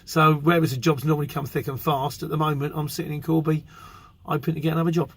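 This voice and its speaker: A man's voice: fairly high pitch, flat delivery, fast talker, breathy edge, no echo. A middle-aged English man with an English accent, a courier driver telling a rambling story in a casual vlog.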